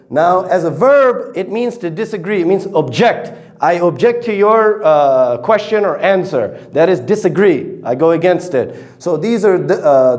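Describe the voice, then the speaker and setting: A man from Afghanistan teaches English pronunciation in a casual, unscripted way. His voice sits a little high, and he talks his way through the examples, pausing often on fillers and saying each example word more than once. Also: darkish tone. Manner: explains slowly with many fillers and repeated examples. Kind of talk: casual classroom-style lesson. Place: teaching in Kabul.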